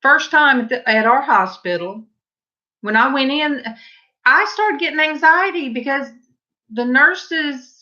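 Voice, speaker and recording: An older woman with a Southern US drawl chats with her livestream viewers, wandering off on tangents and answering comments as they come. She talks slowly and comfortably. The audio is dull and lo-fi, like a basic stream. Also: high-pitched, animated, sharp tone. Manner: rambling, folksy, breaks off to answer chat. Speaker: host of a painting livestream. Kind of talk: casual chat with live viewers.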